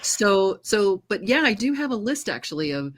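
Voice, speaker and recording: An American woman who narrates audiobooks and trained as a singer, chatting in a casual interview and telling lively stories with frequent laughter. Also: mid-range voice, moderate pace. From United States. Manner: lively storyteller, laughs often; trained singer with controlled delivery.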